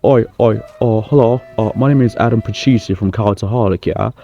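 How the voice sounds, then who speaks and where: A man's voice: fairly low pitch, a little fast, muffled recording, faint music behind, voice pushed up, lightly acted. A man voicing an eager male reporter with a British accent.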